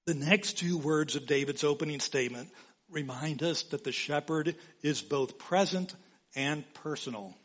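A man preaching a sermon as pastor, slow and emphatic, repeating key phrases for weight. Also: fairly high pitch.

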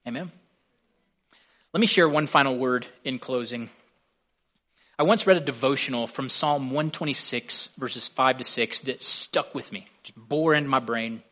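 A man's voice: mid-range voice, moderate pace, sharp tone. A man preaching a sermon as a pastor, earnest, with his voice swelling on key words.

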